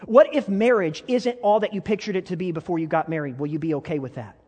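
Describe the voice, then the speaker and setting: Speaking quickly in an earnest, high-pitched voice with a somewhat mellow quality, a male pastor fires question after question at his congregation during a sermon. His appeals grow fervent, echoing with the long reverb of a big church hall.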